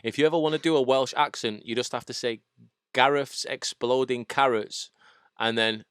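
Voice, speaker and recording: Smooth-voiced man co-hosting a stream. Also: medium pitch, fast talker, no echo, studio quality. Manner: banter, swearing, laughs loudly. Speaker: co-host. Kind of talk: casual livestream chat.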